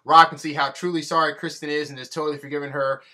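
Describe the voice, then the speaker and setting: A man's voice: fairly high pitch, flat delivery, fast, pushed and bright. A young man hosting a celebrity-news vlog, ranting in an exasperated, emphatic way. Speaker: vlogger.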